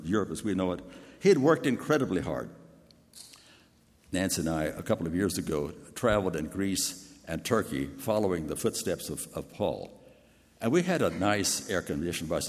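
An older man with a big voice preaching a sermon in an earnest, personal storytelling way. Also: low-pitched. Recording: long hall reverb.

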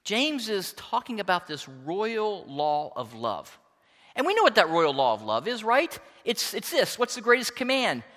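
A man preaching with a high, very lively voice that swoops up and down as he presses his points. His tone is bright and ringing, and a long hall reverb trails after his words. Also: unhurried. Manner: expressive preaching, emphatic, reads scripture aloud. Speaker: pastor. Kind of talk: sermon.

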